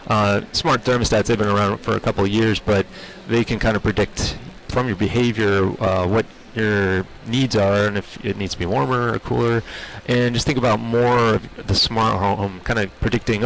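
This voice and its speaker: Man, low gravelly voice, measured explainer, fillers, faint hum behind. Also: steady tone, low-quality recording. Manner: measured, lots of filler words. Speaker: industry spokesperson. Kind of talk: on-site interview.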